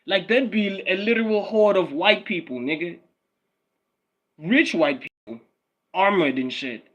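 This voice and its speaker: A man's voice: high voice, a little slow, long pauses, fairly bright tone, poor audio. A man, a Swati speaker, ranting casually and profanely on a livestream, repeating himself and often laughing. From South Africa. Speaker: YouTube streamer.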